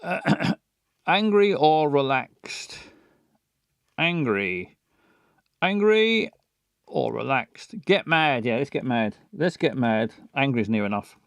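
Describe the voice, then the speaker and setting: A man's voice: mid-range voice, big pitch swings, slow pace, long pauses, a bit bright, clear, resonant tone, no room sound, clean studio sound. A man giving rambling, sweary commentary as he plays a story game and makes up voices for it. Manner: scattered, muttering, sweary asides. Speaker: game player. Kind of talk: let's play commentary.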